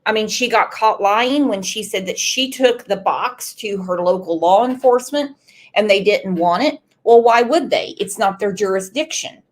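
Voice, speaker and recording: A woman's voice: medium pitch, normal speed. A woman hosting a true crime commentary show, opinionated and full of rhetorical questions. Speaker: host.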